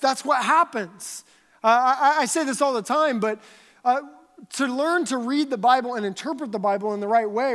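High-pitched woman teaching the bible, chatty animated storyteller, big reverby room. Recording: long hall reverb.

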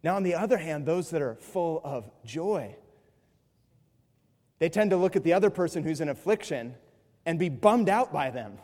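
A man with a high voice preaches in a church, his words trailing off into a long hall reverb. He is animated, jumping to loud mimicry, then dropping to hushed, earnest passages. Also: moderate pace, pauses often. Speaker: pastor. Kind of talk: sermon.

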